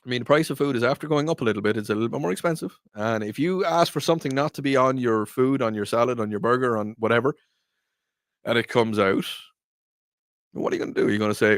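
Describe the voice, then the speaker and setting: A man's voice: medium pitch, fast talker, dry recording, clean studio sound. A man, in his thirties, hosting a show and chatting casually in a rambling storytelling way. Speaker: radio show host. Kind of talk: casual chat.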